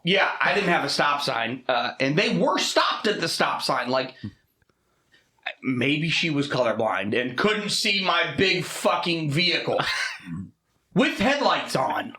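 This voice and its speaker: A man co-hosting a casual podcast, telling profane, animated stories about driving and his daughter. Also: a little high, slow pace, reverberant. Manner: profane, animated storytelling with laughs. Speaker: podcast co-host. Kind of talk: casual chat.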